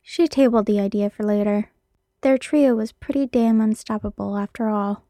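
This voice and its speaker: A woman narrating a piece of fan fiction with steady storytelling. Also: medium pitch, normal speed, dry recording. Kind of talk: reading fan fiction aloud.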